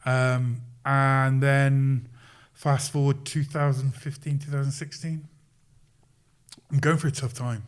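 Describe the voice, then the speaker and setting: Man, middle-aged, mid-range pitch, chatty anecdotes, acts out dialogue, chuckles. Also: slow pace, clean tone. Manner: lively retelling, acts out quoted lines, chuckles. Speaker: podcast guest, sports coach. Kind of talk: casual anecdotal storytelling.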